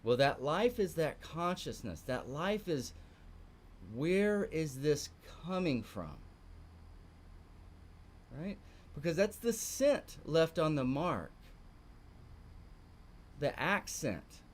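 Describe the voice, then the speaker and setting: A man's voice: a little high, big pitch swings, slow pace, long pauses. A middle-aged man with a Texan accent, teaching a live online morning art class, emphatic and repeating phrases for stress. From Texas.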